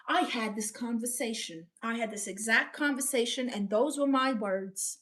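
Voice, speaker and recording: A woman's voice: fairly high pitch, normal speed, hardly any pauses, a bit bright. A woman in a casual live stream, playfully reading viewer comments aloud and riffing on them.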